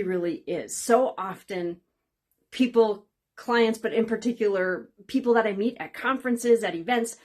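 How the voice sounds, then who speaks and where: Woman, channel host and coach, breathy voice, medium pitch, casual candid talk, dry sarcasm. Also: darkish tone. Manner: conversational, candid, laughs now and then, wry sarcasm. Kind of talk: casual talking-head video.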